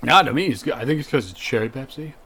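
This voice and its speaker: A tipsy young man co-hosting a podcast, loud, crude and rambling, swearing often. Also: medium pitch, expressive, quick pace, slightly rough. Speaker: podcast co-host. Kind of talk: casual drunk banter.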